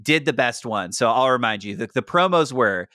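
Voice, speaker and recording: A man's voice: medium pitch, animated, normal speed, sharp tone, no echo, clean studio sound. A man co-hosting a podcast, recapping a show with a sarcastic, joking manner. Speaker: podcast co-host. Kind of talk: casual recap chat.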